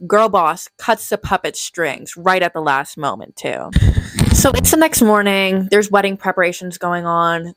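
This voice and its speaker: A woman's voice: on the low side, no echo. A young woman giving a casual, comedic movie recap, snarky and sarcastic with plenty of swearing. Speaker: movie commentary youtuber.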